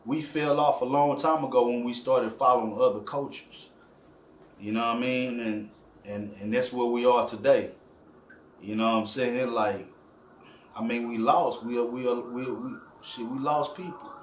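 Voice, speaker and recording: A man's voice: mid-range voice, steady tone, normal speed. Guy rambling in an interview, lots of fillers, faint background hum. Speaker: interview guest. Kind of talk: casual interview talk. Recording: echoey room with faint ambience.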